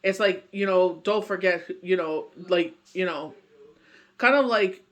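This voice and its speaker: A man's voice: high voice, a little slow, fairly bright tone. A man giving a casual daily tarot reading, rambling and earnest, full of "you know" and "like" as he reassures viewers. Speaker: tarot reader.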